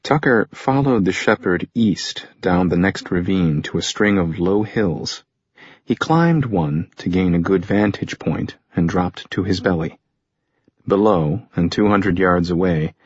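A man reads a thriller audiobook in a steady, even storytelling manner. His voice sits low and sounds a little husky. The recording is dry and dull, with a lo-fi edge. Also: no room sound. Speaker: audiobook narrator. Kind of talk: scripted narration.

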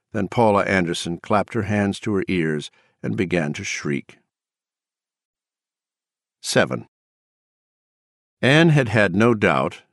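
A man narrating an audiobook in an expressive, measured reading. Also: sits low, gravelly, no echo, studio quality.

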